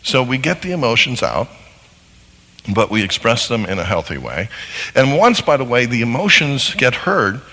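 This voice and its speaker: A man with a gravelly, forceful voice teaches a live audience, his pitch swinging widely as he acts out little exchanges between people. His talk rings with a long reverb from a large hall. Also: normal speed. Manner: animated, acts out little dialogues. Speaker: seminar speaker on marriage.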